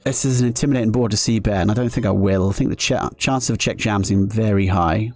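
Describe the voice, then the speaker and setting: A man's voice: on the low side, fast, darkish tone, no echo, faint music behind. A man commentating his own live poker play on stream, joking sarcastically at his own expense between strategy talk. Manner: self-mocking, sarcastic joking.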